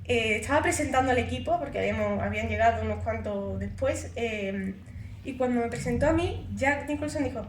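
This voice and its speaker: A woman's voice: fairly high pitch, quick pace. A woman working as an interpreter at a festival Q&A, relaying stories in the first person and correcting herself as she goes. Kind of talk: consecutive interpreting at a Q&A. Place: festival event hall. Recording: echoey room, distant mic, faint noise.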